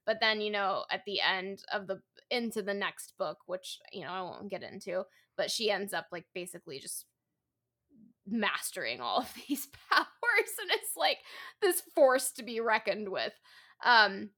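Chatty woman podcast co-host, bright voice. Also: mid-range voice, animated, moderate pace. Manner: chatty, full of fillers like "like" and "you know". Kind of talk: casual book discussion.

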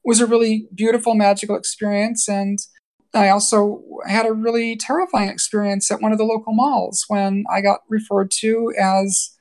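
A woman's voice: medium pitch, little pitch movement, normal speed, a little mellow. A woman from New York, a podcast guest, telling her personal story candidly and earnestly, with frequent restarts.

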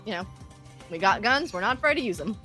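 A woman voicing a rambling, swaggering clown gang leader who threatens in a halting, offhand way. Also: mid-range voice, expressive, bright, forceful tone, faint music behind. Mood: offhand menace.

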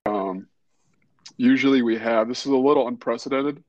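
A man hosting a podcast, wrapping up and bantering in a relaxed, joking way. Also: mid-range voice, normal speed, no room sound, dull audio. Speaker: podcast host. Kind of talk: casual podcast chat.

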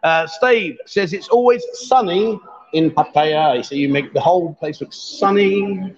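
A man's voice: high-pitched, a little slow, dull audio. A man hosting a live stream, chatting casually and teasing his guests. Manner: joking, teasing.

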